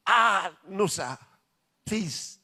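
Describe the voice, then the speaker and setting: A man's voice: high voice, lively intonation, very slow, pushed and bright, heavily acted. A man voicing an aged male prophet who begs to be forgiven. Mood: pleading. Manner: pleading, emotional. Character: proud angry aged male prophet, pleading.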